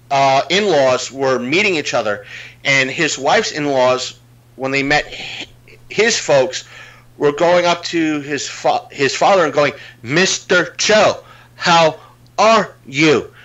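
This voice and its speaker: A man's voice: a little high, slow pace, fairly bright tone, lo-fi sound. A man in a casual podcast chat, retelling a comedy bit in a rambling way, full of fillers and restarts.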